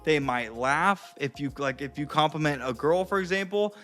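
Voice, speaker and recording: 30 yr old guy, kinda high voice, coaching his viewers, casual and sweary, says dude a lot. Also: lively intonation, moderate pace, fairly bright tone, faint music behind. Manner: chatty, profane, addresses viewers as guys and dude. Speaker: dating and confidence coach.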